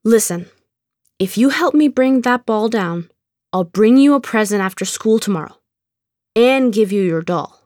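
Woman voicing a cheeky young boy, coaxing and teasing, storybook child, slow delivery, dry sound. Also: a little high, animated, a little mellow, no echo. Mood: pleading. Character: cheeky persuasive neighbor boy. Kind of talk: audiobook character reading.

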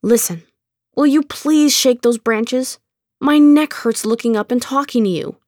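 A woman's voice: on the high side, a little slow, warm tone, no echo, studio quality, pitched above the performer's own voice, lightly acted. A woman reading aloud and voicing a cheeky, persuasive young neighbor boy who coaxes and teases. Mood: pleading. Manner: coaxing, pleading, teasing. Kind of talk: audiobook character reading.

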